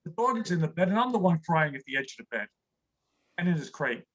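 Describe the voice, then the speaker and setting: High-voiced older man doing stand-up. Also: sing-song, a bit bright, dull audio. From New York. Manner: wry, rapid-fire one-liners. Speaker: stand-up comic. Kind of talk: stand-up comedy set.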